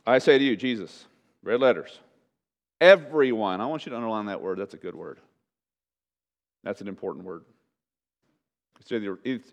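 A pastor preaches to his congregation in a lowish voice, shifting from loud, emphatic lines to hushed pleading and posing rhetorical questions. The recording has its highs cut off.

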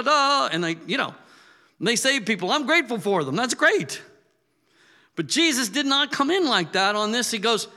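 A man's voice: high-pitched, expressive, normal speed, sharp tone. A man preaching a sermon in a casual, conversational way that builds to emphatic, raised peaks. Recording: long hall reverb.

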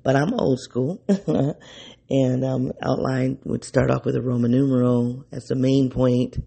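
Gravelly man in his morning voice. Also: mid-range voice, steady tone, unhurried, warm tone. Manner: rambling, self-correcting, thinks aloud. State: early-morning voice. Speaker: podcast host. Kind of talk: unscripted solo podcast monologue.

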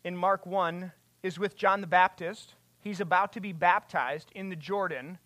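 Bright forceful preacher voice, dry close sound, lots of rhetorical questions, gets big and loud at the peaks. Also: medium pitch, fairly even intonation, unhurried, dry recording. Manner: impassioned, rising to loud emphatic peaks. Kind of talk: sermon.

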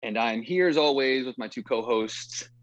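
A man's voice: medium pitch, normal speed, a bit bright, no room sound, muffled recording. A man hosting a casual movie podcast, rambling with lots of fillers and easy laughs. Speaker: podcast host.

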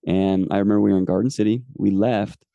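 Earnest, gravelly-voiced man in his forties. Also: on the low side, fairly even intonation, fast, mellow, no room sound, lo-fi sound. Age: 40s. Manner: rambling, earnest, many fillers. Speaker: podcast host. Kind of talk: personal faith testimony.

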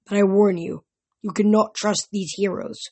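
A sneering, arrogant ghost king with a husky, breathy edge, as a woman reads him aloud in a storybook. He talks down to everyone, smug and mocking. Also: mid-range voice, fairly even intonation, normal speed, a little mellow.

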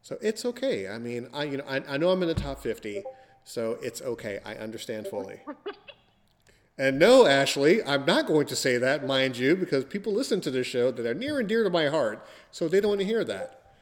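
Very animated and brisk, a mid-range male podcast host teases his guest playfully and theatrically on a casual show. His voice carries a long reverb tail.

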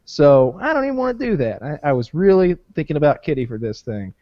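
A man's voice: a little high, very animated, fast talker, dry recording, lo-fi sound. A man in casual, rambling podcast chat, swearing freely and leaning on fillers. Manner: profane, rambling, many fillers.

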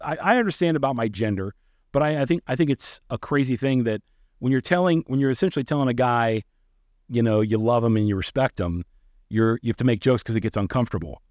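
A man's voice: medium pitch, animated, fast talker, darkish tone, no echo, clean studio sound. A man hosting a casual podcast interview, asking probing questions with playful teasing and stammering restarts. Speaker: podcast host.

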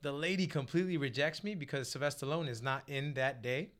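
A man telling an animated, slangy anecdote as a podcast guest, laughing as he goes. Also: mid-range voice, fast. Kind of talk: storytelling anecdote.

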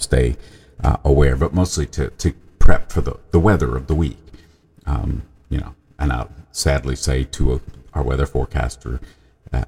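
A man's voice: rumbling low, vocal fry, mellow, slightly rough. A man hosting his own podcast, chatting casually in a rambling way with self-corrections and chuckling asides. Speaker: podcast host. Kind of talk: casual solo podcast monologue.

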